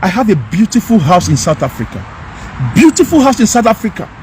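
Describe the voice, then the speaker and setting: A Nigerian man delivers a fiery, repetitive monologue straight to his viewers, his voice sitting unusually high. He hammers his points over and over with rising anger. Faint street traffic hums in the background of this outdoor recording. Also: very animated, a little fast, darkish tone. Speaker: commentator. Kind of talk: impassioned direct-to-camera rant.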